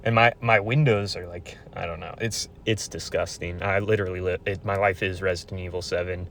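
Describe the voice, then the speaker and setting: A man's voice: low voice, fairly even intonation, fairly quick, fairly bright tone, slight background noise. A man in his twenties ranting in a casual, profane, rambling way with frequent restarts. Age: 20s. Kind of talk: casual venting monologue.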